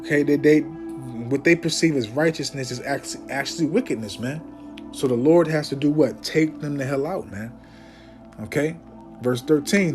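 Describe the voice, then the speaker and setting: A man teaching scripture informally, emphatic and preachy, often tagging his sentences with "man" and "okay?", and slowing down to declaim Bible verses. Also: a little high, a little mellow, soft background music. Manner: reads Bible verses aloud in a slower, declaiming voice.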